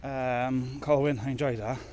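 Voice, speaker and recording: A man's voice: mid-range voice, steady tone, a little slow, darkish tone, slight background noise. A man chatting casually as he loads his truck outdoors, rambling and joking at his own expense. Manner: chatty, rambling, self-mocking. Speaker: truck driver vlogger. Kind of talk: casual chat while working. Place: outdoors at a loading yard in rain.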